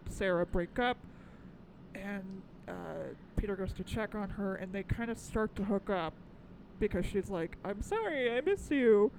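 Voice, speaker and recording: A woman's voice: medium pitch, measured pace, gravelly, slight background noise, rough recording. A woman co-hosting a casual podcast chat, talking animatedly, cursing freely and laughing often. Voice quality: tall. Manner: animated, swings to loud squealing bits. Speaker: podcast co-host. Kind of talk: casual chat reviewing a movie.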